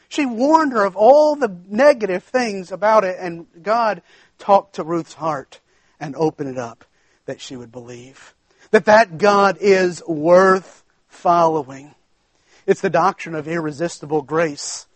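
A man preaching a sermon as pastor, emphatic, stretching key words slowly for weight. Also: sits high, no echo.

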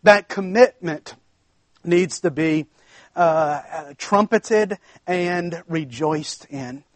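High-voiced preacher with emphatic drawn-out words. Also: male voice, no room sound. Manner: emphatic, stretches key words slowly. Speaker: pastor. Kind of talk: sermon.

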